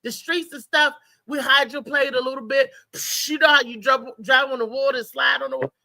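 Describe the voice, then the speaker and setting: A woman comedian telling comic stories in casual chat, animated and laughing, acting out the people in her stories. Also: high-pitched, brisk, no room sound. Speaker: stand-up comedian guest.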